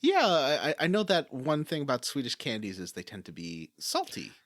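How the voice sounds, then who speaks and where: A man co-hosting a podcast, chatting in a rambling, excitable way. His pitch leaps up and down a lot, and the close mic sounds dry. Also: normal speed, dry recording. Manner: rambling, enthusiastic, restarts. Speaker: podcast co-host. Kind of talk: casual podcast chat.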